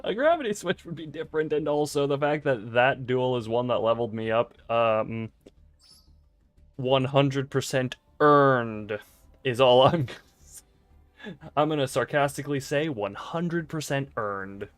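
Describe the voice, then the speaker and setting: A man with a medium-pitched voice speaks at normal speed while livestreaming a card game, chatting casually with viewers in a playful, rambling, self-mocking way. The dry close-mic recording carries faint game music.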